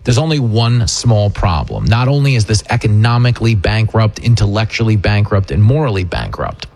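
A man hosting a talk show, ranting with sarcastic, animated, mocking political commentary. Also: fairly low pitch, normal speed. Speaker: radio host and comedian.

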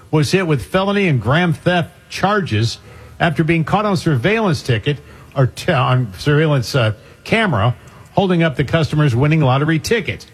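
Male radio co-host, husky and wry, reads quirky news with jokes. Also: fairly high pitch. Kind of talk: casual radio banter.

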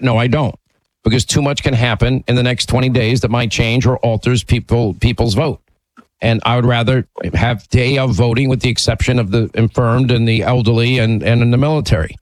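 A man's voice: medium pitch, fairly even intonation, fairly quick, no echo, rough recording. A man hosting a talk radio call-in show, blunt and emphatic, often restarting his sentences.

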